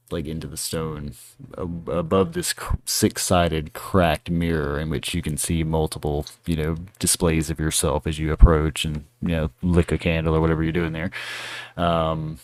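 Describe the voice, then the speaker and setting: A man's voice: a bass voice, no room sound. A man running a tabletop game as dungeon master, describing a room in a rambling, casual way with lots of fillers and swearing.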